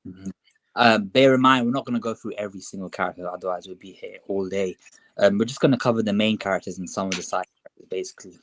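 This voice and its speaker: A young man, chatting casually as a podcast co-host, relaxed and full of fillers. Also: fairly low pitch, fast talker, no room sound, low-quality recording. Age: young adult. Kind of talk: casual chat.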